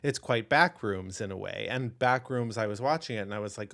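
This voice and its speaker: A man's voice: lowish voice, a little fast, vocal fry, a bit bright. A man co-hosting a comedic podcast who answers with dry, wry quips and mock-serious asides. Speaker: podcast co-host.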